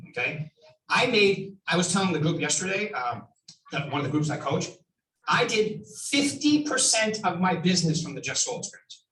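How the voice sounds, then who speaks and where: A man from New Hampshire giving an animated coaching talk to real estate agents, acting out phone scripts. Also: fairly high pitch. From Nashua, New Hampshire. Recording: echoey room, far from the mic.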